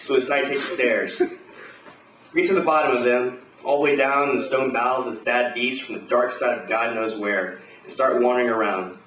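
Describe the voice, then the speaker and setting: A man telling a first-person pulp action tale aloud in a gruff, swaggering, profane, hardboiled way. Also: mid-range voice, steady tone, a little fast, a bit bright, roomy sound, recorded from a distance, slight background noise, rough recording. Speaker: storyteller.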